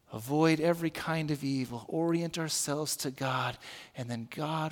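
A male pastor preaching a sermon, moving from hushed, slow prayer to loud emphatic teaching, and leading his congregation in repeating words. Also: on the high side, steady tone. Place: church sanctuary. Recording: long reverb of a large hall.

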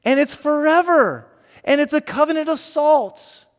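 A man's voice: extremely high pitch, lively intonation, a little slow, big-room sound, voice pushed up. A man voicing an indignant ancient king who scolds his rivals with exasperated emphasis.

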